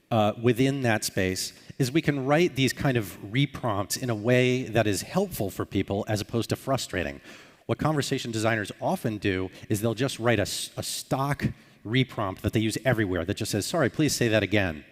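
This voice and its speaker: A man's voice: mid-range voice, expressive, moderate pace. A man giving a conference talk, explaining and acting out short sample dialogues. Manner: explanatory, acts out sample dialogues with filler sounds. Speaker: conference speaker. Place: conference hall. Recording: hall reverb.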